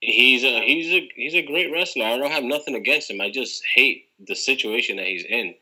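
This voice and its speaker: A man's voice: medium pitch, normal speed, pushed and bright, rough recording. A man co-hosting a casual wrestling debate, emphatic and prone to repeating himself. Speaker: podcast co-host.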